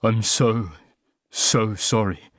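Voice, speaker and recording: A man reading an audiobook, voicing a formal young man who is choked up and apologetic, speaking in a soft, halting way. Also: low voice, fairly even intonation, no room sound, studio quality, close to an everyday voice.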